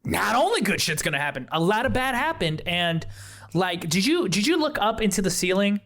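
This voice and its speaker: A rambling, flustered young plant-shop guy, put on by a game master, blurting things out in bursts. His voice sits a bit higher than most men's. The whole thing plays as a tabletop role-play scene. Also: very animated, fairly quick, pushed and bright, full character voice. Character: frazzled young male ex-plant-shop worker.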